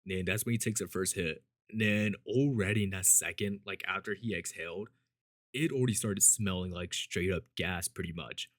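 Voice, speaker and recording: A man's voice: moderate pace, dry recording, clean studio sound. A man telling a story in casual, rambling speech, swearing often and filling gaps with "like" and "you know". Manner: acts out quoted people with shifts in pitch and loudness.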